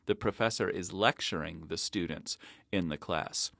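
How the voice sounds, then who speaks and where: A man with a very deep, low voice gives a methodical grammar lecture, laying out each step clearly. The sound is dry and close, with no room around it. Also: normal speed, a bit bright, no echo. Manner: methodical, explanatory. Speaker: Arabic teacher.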